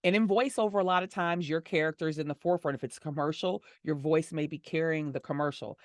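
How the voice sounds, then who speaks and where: A middle-aged woman, a voice actor and audio description narrator, answering interview questions in a warm, smiling way and laughing easily. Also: sits low, fairly even intonation, fast talker, no echo, studio quality.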